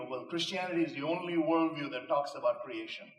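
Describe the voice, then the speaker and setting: A man's voice: on the high side, brisk, far from the mic. A man giving an emphatic, rhetorical inspirational speech to a live audience, mixing in punchline jokes. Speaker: motivational speaker. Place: live venue before an audience. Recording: echoey room, voice off mic.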